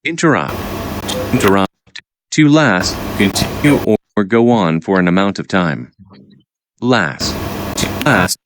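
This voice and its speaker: Man reading vocabulary, lively low voice. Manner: halting, repeats each word after its definition. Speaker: vocabulary teacher. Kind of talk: reading out word definitions. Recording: noisy recording with clicks.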